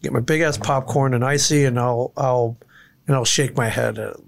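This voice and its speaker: A man in a casual podcast chat, agreeable and quick with short replies. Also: mid-range voice, fairly even intonation, vocal fry.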